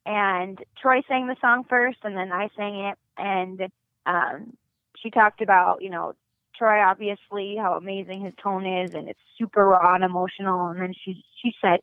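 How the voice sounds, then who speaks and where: A woman's voice: medium pitch, normal speed, no echo. A young woman from North Dakota, a singer, telling a story in a casual interview with lots of laughter and gushing enthusiasm. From North Dakota, USA. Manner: animated, giggly, gushing. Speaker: singer, podcast guest. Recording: dry phone-line audio.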